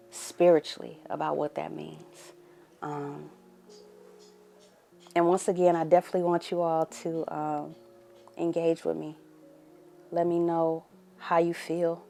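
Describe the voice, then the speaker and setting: A young adult woman hosting her own podcast, talking candidly to the camera and sometimes dropping to a hushed murmur. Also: on the low side, gravelly. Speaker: podcast host. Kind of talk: casual emotional monologue to camera.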